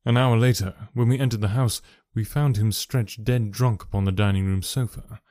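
A man reading a story aloud in a measured, even narration. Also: lowish voice, dry recording, studio quality. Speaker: audiobook narrator.

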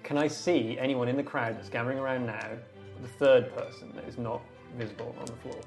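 A man's voice: medium pitch, fairly even intonation, a little fast, creaky, music in the background. Eager male tabletop player. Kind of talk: casual game chat.

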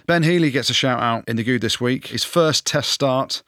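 A man co-hosting a rugby podcast, talking in lively, jokey banter and handing out punchy verdicts. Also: medium pitch, normal speed, no echo, studio quality. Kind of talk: casual sports banter.

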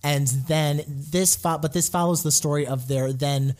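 A man in casual chat on a podcast, reviewing a film with excited, gushing enthusiasm. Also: fairly high pitch, unhurried. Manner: gushing, excitable, lots of "like" fillers. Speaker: podcast co-host reviewing films.

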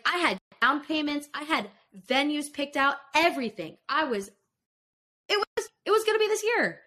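A young woman recounts a painful story on a podcast, swearing freely and voicing both sides of an argument. She speaks slowly with a bright, clear tone, pitched a little high for a woman. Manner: emotional, profane, animated retelling. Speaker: podcast guest.

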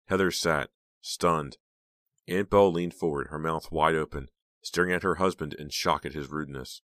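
A man narrating an audiobook in a steady, measured reading. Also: extremely low pitch, no room sound, clean studio sound.

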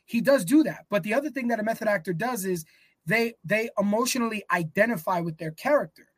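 A man's voice: high-pitched, expressive, quick pace, husky, no echo. A man co-hosting a podcast in casual, profane chat, rambling and searching for words as he talks. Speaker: podcast co-host.

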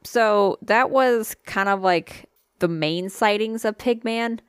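A woman's voice: medium pitch, slow, clear, resonant tone, dry recording, clean studio sound. A woman co-hosting a casual podcast, telling stories with frequent swearing and tired, laughing asides. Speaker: podcast co-host. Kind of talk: casual chat, storytelling.

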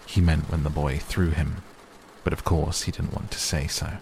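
Man, bedtime storyteller, very low deep voice, gravelly, hushed, faint rain behind. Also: steady tone, normal speed, slight background noise. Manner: gentle, hushed. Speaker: audiobook narrator. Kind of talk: soft bedtime story reading. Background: soft rain sounds.

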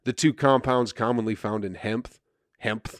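A man's voice: mid-range voice, steady tone, normal speed, dry recording, studio quality. A male comedian hosting his own podcast, rambling in a crude, sarcastic way with mock self-importance. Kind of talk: casual solo podcast monologue.

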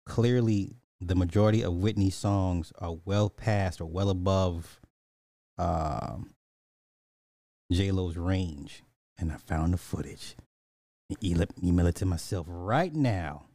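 A man's voice: deep voice, slow, warm tone, no room sound, studio quality. A man, reacting to music clips in casual commentary, blunt and petty, drawing out repeated words. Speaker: reaction streamer.

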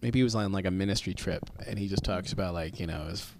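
A man pitching sketch ideas in a casual brainstorming chat, halting and full of fillers and restarts. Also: a little mellow, a little hiss or hum. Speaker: sketch writer.

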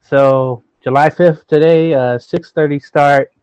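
A man's voice: a little high, steady tone, takes it slowly, a little mellow, clear, resonant tone, no echo. Hesitant man on a dull, dry mic. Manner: hesitant, many fillers, thinks aloud. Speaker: sports podcast co-host. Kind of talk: casual baseball chat.

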